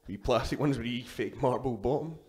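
Talking fast in a medium-pitched, slightly mellow voice, a young Scottish man swaps stories as a guest in a laid-back interview. He's a powerlifter who swears freely and often restarts what he's saying.

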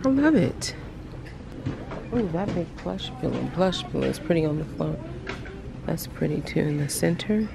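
A woman's low, gravelly voice, lively in intonation and at a normal speed, comes with frequent pauses as she vlogs her way through a large retail store. She gushes over what she finds, often dropping into half-whispered asides, against a noisy store backdrop.

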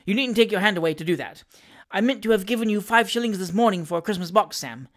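A reader voicing a nervous, eager young gentleman in an audiobook of a classic novel, fussy and pleading. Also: mid-range voice, animated, fast, close to an everyday voice. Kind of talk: audiobook character reading.

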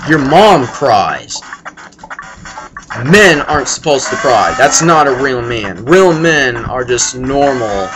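A man's voice: mid-range voice, lively intonation, slow. A young man gives rambling, crude casual commentary while playing a game, breaking into sudden yelps. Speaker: let's play gamer. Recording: game music playing loudly behind.

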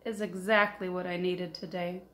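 A woman voicing a small, gentle, worried female mouse in a storybook reading, polite and a little sighing. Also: lowish voice, level tone, normal speed, close to an everyday voice. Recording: echoey room, faint noise.

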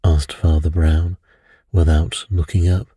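A man narrating a bedtime detective story in a soft, measured, soothing way. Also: sits low, level tone, slightly rough, dry recording, clean studio sound.

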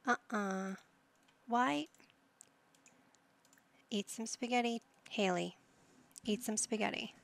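A woman's voice: medium pitch, fairly even intonation, a little slow, creaky. A woman giving casual let's-play commentary, playful and motherly, with silly made-up words. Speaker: gaming video host.

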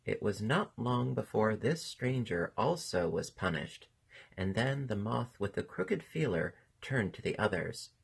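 Low, gravelly male storyteller. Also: measured pace. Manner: gentle, expressive storytelling. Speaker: reader. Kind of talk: storybook narration.

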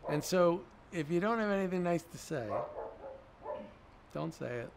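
A man's voice: high voice, moderate pace, vocal fry, noisy background. A middle-aged man, a guest in an interview, telling stories and acting out the dialogue he quotes. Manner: animated storyteller, acts out quoted dialogue. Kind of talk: storytelling in a conversational interview.

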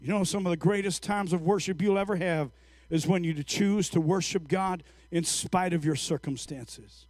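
A man preaching a sermon, telling a story in halting, drawn-out phrases and rising to fervent shouts. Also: high-pitched, no room sound.

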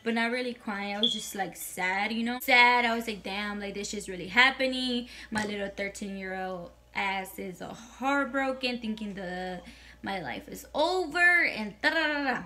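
A woman's voice: medium pitch, normal speed, background noise. A young woman vlogger telling a casual storytime monologue, chatty and full of swearing, slipping in Spanish phrases.

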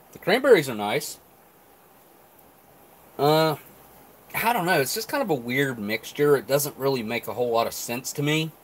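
Man, casual food review, chewing and musing, faint background hum. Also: mid-range voice. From not Canadian. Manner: relaxed, thinking aloud while eating and chewing. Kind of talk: casual live-stream tasting review.

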